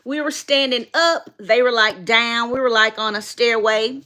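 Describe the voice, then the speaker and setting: A woman's voice: on the high side, a little slow, pushed and bright. A middle-aged woman, emotionally retelling a story to her viewers in a repetitive, emphatic way. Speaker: dog owner vlogger.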